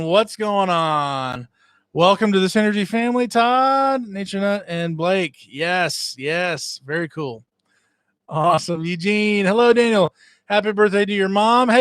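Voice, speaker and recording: A man's voice: sits high, fairly bright tone, smooth, no echo, studio quality. A middle-aged man hosting a casual live stream from home, greeting chat viewers by name with lots of "uh" fillers. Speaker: livestream host. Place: at home, indoors.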